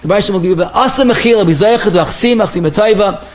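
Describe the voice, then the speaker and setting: A man, a rabbi, giving a Torah lecture, telling stories in an animated way with wide swings of pitch and pace. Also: very fast. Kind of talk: lecture sermon with told stories.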